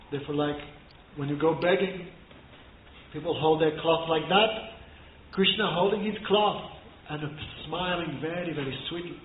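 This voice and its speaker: A man giving a scripture class, telling stories, chanting verses and laughing softly. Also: on the high side, steady tone, moderate pace, a little hiss or hum. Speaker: spiritual teacher. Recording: echoey room over thin phone-like line.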